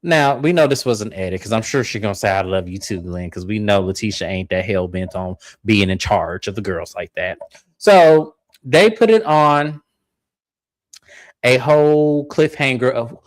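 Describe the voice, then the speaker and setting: A man's voice: moderate pace, dry recording. Chatty man acting out a recap. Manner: animated storytelling, jumps into high-pitched impressions of cast members. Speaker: reality TV recap co-host. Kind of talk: casual recap chat.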